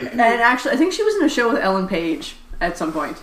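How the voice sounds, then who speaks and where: A woman from Scotia, chatting casually and animatedly, swearing freely and going off on quick tangents. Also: fairly high pitch, big pitch swings, fairly bright tone. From Nova Scotia, Canada. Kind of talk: casual chat. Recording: echoey room, faint noise.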